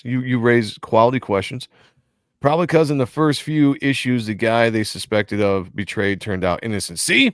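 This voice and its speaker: A man's voice: mid-range voice, normal speed, dry recording. Man, comic book review co-host, casual chat, dry close sound, jokey. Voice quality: animated, jokey, acts out dialogue. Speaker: podcast co-host.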